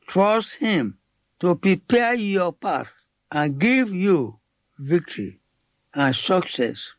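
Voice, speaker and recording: A man preaching a sermon in slow, emphatic, short phrases, switching between English and Yoruba. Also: fairly high pitch, no echo.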